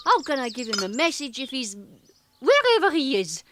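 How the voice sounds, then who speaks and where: A woman's voice: high voice, sing-song, moderate pace, music in the background. A woman voicing a fussy, impatient cat lady in a cartoon. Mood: cross. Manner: fussy, bossy. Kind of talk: cartoon voice acting.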